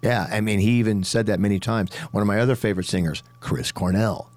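A man's voice: on the low side, steady tone, fast talker, darkish tone, no room sound. A man who sings rock talking casually about vocal technique, rambling with many restarts and little demonstrations. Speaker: rock singer and studio vocalist. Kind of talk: casual podcast chat.

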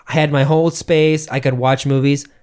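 A man's voice: a little high, moderate pace, clear, resonant tone. A young man from Massachusetts, co-hosting a podcast and telling stories casually with lots of swearing. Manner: profane, animated storytelling. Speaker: podcast co-host.

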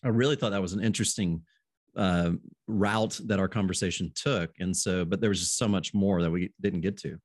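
A man's voice: low voice, steady tone, a little fast, no room sound, clean studio sound. A man hosting a casual podcast chat, easygoing, laughing often and restarting his phrases. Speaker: podcast host.

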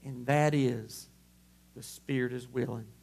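A male pastor preaching a sermon to his congregation at a church service, impassioned and swelling to shouts. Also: mid-range voice, steady tone, a little slow, vocal fry, a little hiss or hum.

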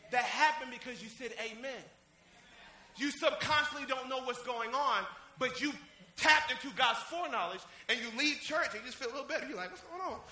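High, bright-voiced, shouting man preaching. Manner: exuberant, shouting, laughing between points; addresses congregation members by name. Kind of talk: sermon. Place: church service. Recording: echoey church with faint music.

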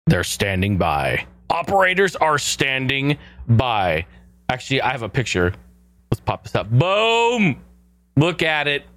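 Man, podcast host, casual joking chat, lively pitch, dry close sound. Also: a little slow, no room sound. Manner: animated, jokey, swears casually.

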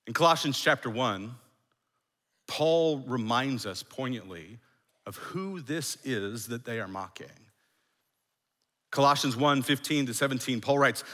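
Male pastor delivering a sermon, slow, emphatic, with hushed dramatic drops. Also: mid-range voice, expressive, long reverb tail.

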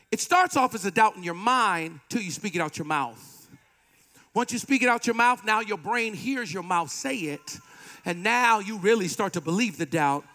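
A man preaching a sermon with animated delivery, playful asides and call-and-response with the congregation. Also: high-pitched. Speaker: pastor.

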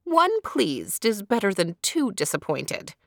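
A woman's voice: mid-range voice, wildly swooping pitch, slow pace, dry recording, studio quality, heavily acted. A woman reading as a cheerful old peasant woman. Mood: contented.

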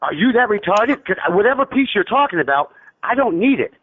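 A man shouts back over a thin, phone-like line. His voice is high and jumps around, and he talks fast, cursing and insisting. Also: big pitch swings, dry recording. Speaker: prank call target, truck driver.

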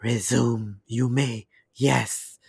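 A man voicing a calm, ancient little sage who speaks solemnly with inverted word order. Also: medium pitch, very slow, vocal fry, breathy edge, no room sound, clean studio sound, heavily acted.

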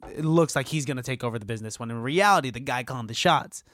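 A man's voice: medium pitch, fast, fairly bright tone, no room sound, studio quality. A man co-hosting a casual movie talk, laid-back, swearing and acting out lines. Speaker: podcast co-host.

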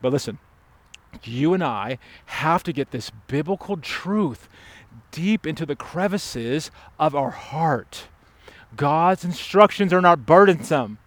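A man preaching a sermon as pastor, emphatic and urgent, dropping to hushed stress on key words. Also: on the high side, expressive, slow, no room sound. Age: adult father.

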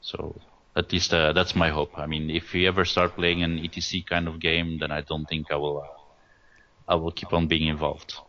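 Man, very low voice, monotone, hesitant with fillers, dull lo-fi recording. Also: normal speed. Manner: hesitant, many restarts and fillers. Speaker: guest, tournament rules writer. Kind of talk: casual interview over a call. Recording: dull lo-fi audio.

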